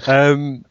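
On a casual tech podcast, a young British co-host jokes and laughs often while running through the news items. His voice is on the high side and a little mellow, captured in a muffled recording without echo.

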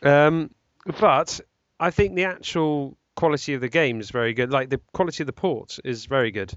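At a moderate pace and in a mid-range voice, this podcast co-host chats casually, wandering off track and fixing his own words with many "ums." The recording is dry with no room sound, a little dull and lo-fi.

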